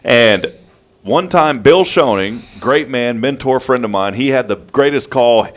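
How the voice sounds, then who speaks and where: A man's voice: mid-range voice, animated, measured pace. A man hosting a casual morning radio show in a studio, chatty and joking, laughing often.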